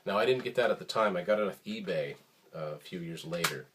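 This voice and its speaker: A man hosting a casual show about his music collection, talking in a relaxed, rambling way with many ums and uhs. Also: sits low, fast, background noise. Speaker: host of a record collection show. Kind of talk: casual show-and-tell talk.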